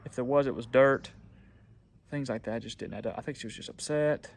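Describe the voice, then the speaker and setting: A man's voice: mid-range voice, a little fast. A young man, talking casually to camera as a small-business owner, rambling and repeating himself with frequent ums. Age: young adult. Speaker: pressure washing business owner. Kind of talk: casual storytelling vlog.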